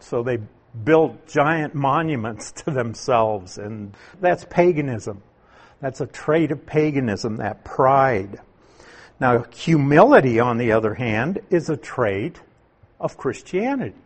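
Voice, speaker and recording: A man preaching a sermon, teaching through a Bible passage in a slow, deliberate way with emphatic stresses. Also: mid-range voice, husky. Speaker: pastor.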